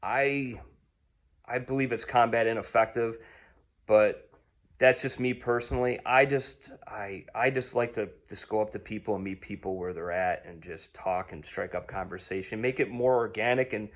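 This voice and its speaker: Slightly low-voiced man telling a rambling story. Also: normal speed, highs cut off. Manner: rambling, many ums and restarts. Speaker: vlogger. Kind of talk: casual storytelling.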